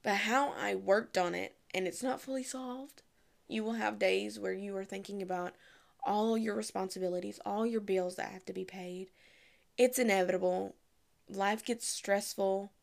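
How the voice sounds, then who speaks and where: A young woman giving casual, candid advice to the camera, chatty and frank, with lively asides. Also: mid-range voice, measured pace, creaky. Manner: chatty, candid, acts out quoted voices.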